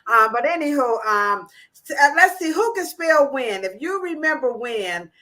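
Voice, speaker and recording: A woman hosting a casual livestream chat, animated and playful, laughing often. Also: high voice, a little slow. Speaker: host.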